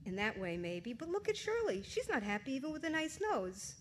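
A woman's voice: sits high, big pitch swings, a little fast, slight background noise, pitched above the performer's own voice. A woman reading aloud, voicing a blunt, old-fashioned middle-aged mother who scolds and dismisses. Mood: dismissive.

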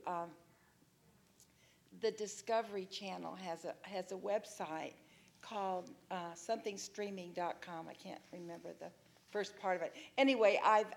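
A middle-aged woman, a children's songwriter, talking chattily to an audience and breaking into song. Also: medium pitch. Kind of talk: talk with sung demonstrations and guitar. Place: room with a live audience. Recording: guitar music under the voice. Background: strummed guitar.

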